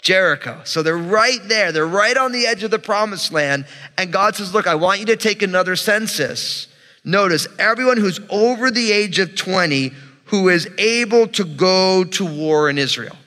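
A man's voice: sits high, expressive, moderate pace, sharp tone, big-room sound. A man preaching a sermon as pastor, teaching in a conversational way with asides to the congregation.

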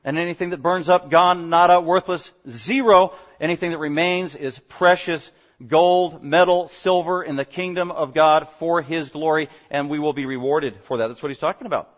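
A man preaching a verse-by-verse sermon in a quick, animated delivery. His voice sits a little high for a man, and he swings from loud, punchy emphasis down to quiet asides. The recording is dull and lo-fi. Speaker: pastor. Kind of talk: expository sermon. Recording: dull lo-fi sound.

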